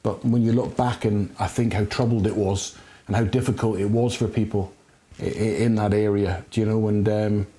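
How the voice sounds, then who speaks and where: A man's voice: on the low side, steady tone, normal speed, mellow. A middle-aged former footballer from Scotland with a West Country accent and slight Scottish touches, telling his story reflectively with many fillers in a studio. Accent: West Country English with slight Scottish touches. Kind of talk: interview. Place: recording studio.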